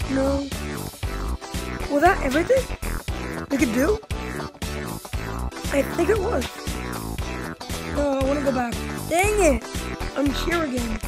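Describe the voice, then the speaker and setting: A woman commentating her own gameplay for viewers, reacting in a jumpy, excitable way and talking straight to them. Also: high-pitched, a little slow, long pauses, music in the background, low-quality recording. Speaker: gaming video host.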